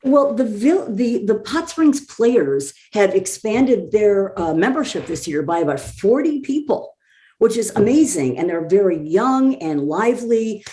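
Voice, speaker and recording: A woman's voice: mid-range voice, expressive, unhurried, dark tone. A woman talking enthusiastically as a podcast guest, effusive and chatty. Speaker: guest promoting a community theater show. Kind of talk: casual chat.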